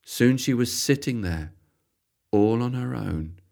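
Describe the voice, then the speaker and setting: A storyteller telling a children's tale aloud, expressive and lilting, repeating phrases for effect. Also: medium pitch, slow, vocal fry.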